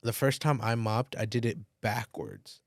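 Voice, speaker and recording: A man hosts a podcast in easy, slangy chat and swears casually. His voice sits at a middle pitch, and the studio recording is dry and close. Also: lively intonation, moderate pace, gravelly, no room sound. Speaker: podcast host.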